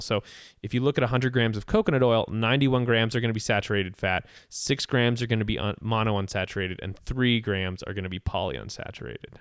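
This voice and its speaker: A man hosting a podcast, explaining nutrition in a relaxed, steady way with casual fillers. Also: on the low side, clean tone, no room sound, clean studio sound.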